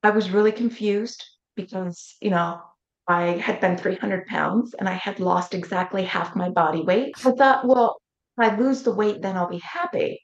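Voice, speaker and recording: A woman's voice: fairly low pitch, moderate pace. Earnest woman telling a personal story. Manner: earnest, vivid retelling that acts out quoted voices. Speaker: interview guest, life coach. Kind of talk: personal storytelling in a podcast interview. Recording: roomy, slightly dull sound.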